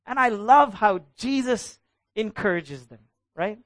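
A man preaching a sermon as pastor, animated, asking the congregation questions and calling for answers. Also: sits high, unhurried, dry recording, studio quality.

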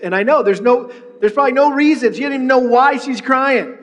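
A middle-aged man preaching a sermon, telling a personal story with lively retellings and frequent restarts. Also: very high voice, a little fast, in a large hall. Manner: storytelling, animated, with many restarts. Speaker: pastor.

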